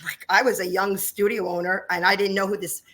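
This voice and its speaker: Speaking fairly quickly in a medium-pitched, fairly bright voice with fairly even intonation, a New Jersey woman in her fifties chats casually in an interview. She owns a dance studio, tells stories, and laughs a lot.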